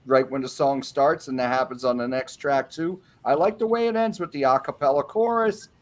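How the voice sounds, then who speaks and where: A man's voice: medium pitch, brisk. A man on a panel, going through an album track by track and giving his opinions in a casual way.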